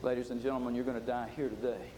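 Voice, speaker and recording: A man preaching a sermon with passion, swinging from loud to hushed. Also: mid-range voice, little pitch movement, rapid-fire, a crowd in the background.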